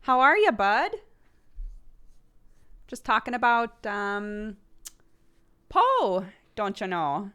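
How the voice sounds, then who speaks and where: A woman's voice: mid-range voice, sing-song, very slow, pauses often, pushed and bright, clean tone, pitched above the performer's own voice, heavily acted. A woman voicing a cheery female artificer, a mom with a put-on Minnesotan accent and a folksy, friendly manner.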